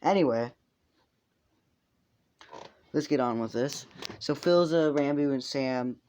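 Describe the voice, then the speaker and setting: A man's voice: mid-range voice, takes it slowly, a little mellow, slight background noise. A young man casually improvising a fan story, rambling with fillers, laughs and swearing.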